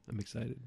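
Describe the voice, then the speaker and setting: A young podcast co-host, who has the hiccups, chats loosely about movies in a casual review. He's relaxed and easygoing, peppering his talk with fillers and plenty of "like."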